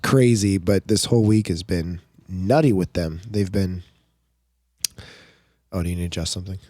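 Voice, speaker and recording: A man's voice: low voice, normal speed, mellow, dry recording, studio quality. A man in his thirties on a podcast, telling a family story and acting out his kids' lines. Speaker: podcast co-host. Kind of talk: casual storytelling chat.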